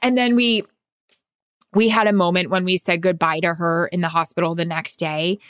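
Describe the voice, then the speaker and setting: A woman co-hosting a podcast tells a personal story in relaxed chat, slightly low-pitched, with her voice jumping up in excited, emotional bursts. The recording is close and dry, with no room sound. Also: moderate pace, smooth, no echo. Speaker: podcast co-host. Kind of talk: casual chat.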